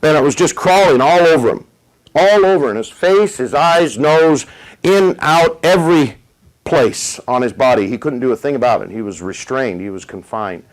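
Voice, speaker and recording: A middle-aged male preacher telling a testimony in a sermon. He paces the story with dramatic pauses, then pushes his voice up for emphasis. His pitch sits in an ordinary middle range for a man. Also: expressive, low-quality recording.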